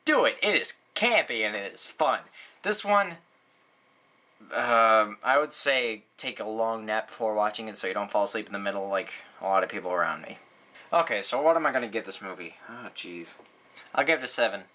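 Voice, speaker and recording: A man giving a casual movie review, rambling and sarcastic, with lots of "like" and "um" fillers. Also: a little fast. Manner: rambling, full of "like" and "um", sarcastic asides; animated, frequent jumps in pitch.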